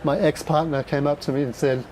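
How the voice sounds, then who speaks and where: A middle-aged man with an Australian accent, giving a raw, candid personal talk at a dinner event, swearing often and pausing with fillers. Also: a little high, fairly even intonation, a little mellow, a little hiss or hum, rough recording.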